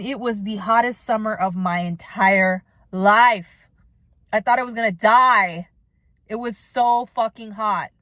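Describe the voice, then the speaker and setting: A woman's voice: medium pitch, a bit bright, dry recording, studio quality. A young woman from the United States telling a rambling, candid story to her vlog audience and swearing freely. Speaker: vlogger.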